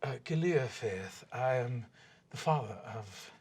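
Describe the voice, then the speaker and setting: A man's voice: medium pitch, animated, unhurried, a little mellow, breathy edge, pitched below the performer's own voice. Man doing a meek, mournful elf father. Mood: solemn, formal. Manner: formal, mournful and apologetic. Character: sad, meek middle-aged male elf father.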